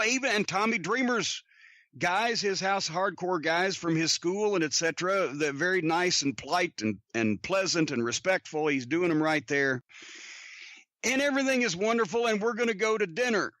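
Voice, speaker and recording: A man's voice: sits high, pushed and bright, no room sound, studio quality. A man hosting a podcast, telling rambling anecdotes in a casual, profane way. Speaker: podcast host. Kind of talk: casual storytelling.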